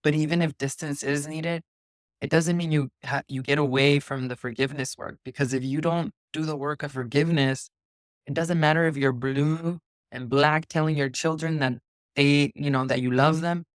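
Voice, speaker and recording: Guy hosting a chill spiritual chat, thoughtful and earnest, kinda halting, dry close sound. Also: a little high, fairly even intonation, no room sound. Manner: reflective, earnest, halting restarts. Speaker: podcast host. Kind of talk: casual spiritual conversation.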